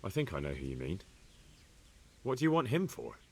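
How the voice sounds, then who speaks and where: A man's voice: sits low, huge pitch swings, fairly quick, creaky, darkish tone, slightly rough, exaggerated voice. An actor voicing a blunt, curious young man asking direct questions in video game dialogue.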